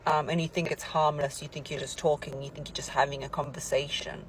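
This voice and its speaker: A woman's voice: sits low, level tone, fairly quick, slight background noise, rough recording. A woman giving relationship advice in an emphatic, lecturing monologue.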